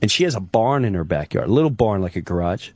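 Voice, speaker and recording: Comic raconteur, male, lively swoops in pitch, dry close mic, acts out every part. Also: fast talker, no echo. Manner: animated, acts out voices. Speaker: comedian guest. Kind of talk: comic storytelling on radio.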